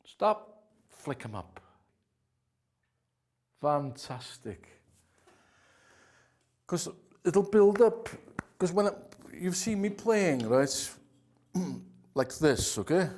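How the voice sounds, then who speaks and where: A man with a fairly high speaking voice gives a mock drum lesson in a deadpan, earnest way. He rambles through his tips and often sinks into quiet, muttered asides. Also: slow pace. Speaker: drum instructor. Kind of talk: comic mock masterclass.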